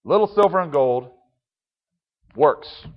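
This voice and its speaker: A pastor preaching a conversational sermon with chuckling asides, reading and explaining scripture. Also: male voice, fairly high pitch, animated, slow pace, long reverb tail, muffled recording.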